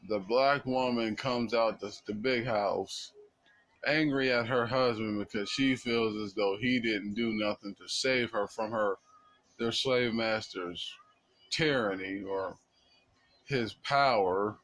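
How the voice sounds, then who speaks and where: A man's voice: lowish voice, slow pace, fairly bright tone, low-quality recording. A man giving an impassioned, blunt monologue in casual speech with slang.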